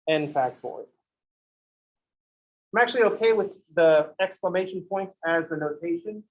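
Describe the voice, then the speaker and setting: A man's voice: high-pitched, muffled recording, a little hiss or hum. A male math instructor lectures in a loose, conversational way. He wanders off into joking asides before getting back to the lesson. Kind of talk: casual classroom lecture.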